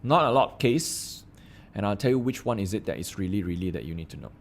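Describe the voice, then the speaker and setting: A man's voice: fairly low pitch, fast talker. A man giving a law lecture to a class, asking many rhetorical questions. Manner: animated, asks rhetorical questions.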